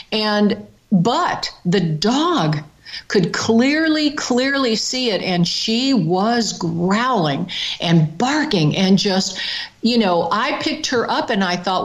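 Slow, earnest woman telling a story. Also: medium pitch, low-quality recording. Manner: earnest, with dramatic pauses and quoted exclamations. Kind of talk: casual spoken storytelling.

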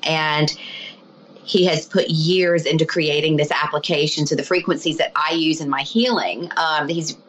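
A woman with a slightly low voice talks as a guest healer in a relaxed interview. She tells her stories in an animated, chatty way, with lots of "you know" and "like" fillers. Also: moderate pace, a little hiss or hum, poor audio. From lives abroad, not local. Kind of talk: casual storytelling interview.

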